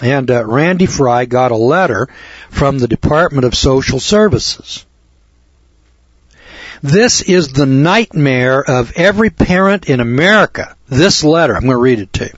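Husky guy giving an emphatic talk, repeats stuff for emphasis, dry muffled old recording. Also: mid-range voice, expressive, unhurried, dry recording. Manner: emphatic, repeats key words, wry asides. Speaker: speaker addressing an audience. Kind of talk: lecture to a live audience. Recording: dull lo-fi recording.

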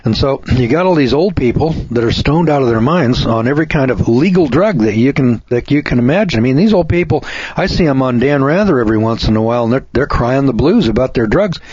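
A man's voice: medium pitch, expressive, fast, a little mellow, husky. A man hosting a radio show, giving a folksy, opinionated editorial monologue and mocking other people's voices. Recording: dull lo-fi radio recording.

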